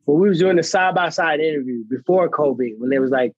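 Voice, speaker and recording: Animated man telling stories, dry and dull. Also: on the high side, fast talker, dry recording. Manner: animated storyteller, acts out quotes, laughs often. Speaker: guest, pro fighter. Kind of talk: casual podcast chat.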